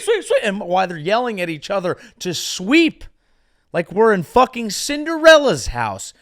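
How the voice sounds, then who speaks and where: A man hosting a comedy show, delivering a sarcastic, ranting monologue that swings from loud outbursts to mumbled asides. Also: sits high, vocal fry. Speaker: comedian host. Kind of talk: stand-up style comedic monologue.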